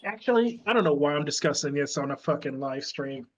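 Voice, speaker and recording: High-voiced swearing streamer man. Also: lively intonation, a little fast, muffled recording. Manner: swearing, teasing friends. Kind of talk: casual chat.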